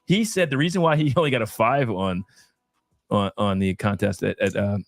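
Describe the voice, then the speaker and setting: A man's voice: lowish voice, normal speed, dry recording, clean studio sound. A man hosting a casual whiskey tasting show, joking and teasing his co-hosts. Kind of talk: casual chat.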